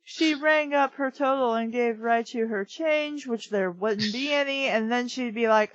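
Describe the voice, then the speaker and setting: A woman's voice: fairly high pitch, a little slow, hardly any pauses, dry recording, muffled recording. A woman co-hosting a comedy reading show, reading fanfiction aloud and riffing on it in a blunt, sarcastic way with plenty of swearing. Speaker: podcast co-host reading fanfiction.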